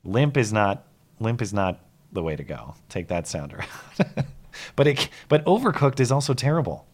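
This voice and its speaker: A young man co-hosts a live call-in show, his slightly low voice hoarse and fading. He rambles casually, restarts his sentences, and pokes fun at himself as he goes. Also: big pitch swings, moderate pace. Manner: rambling, self-deprecating, many restarts. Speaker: podcast co-host.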